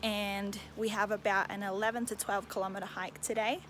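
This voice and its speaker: A woman's voice: mid-range voice, level tone, brisk, fairly bright tone, slight background noise. A young woman vlogging casually to camera while hiking on a mountain trail, chatty and often out of breath. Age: young adult. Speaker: travel vlogger.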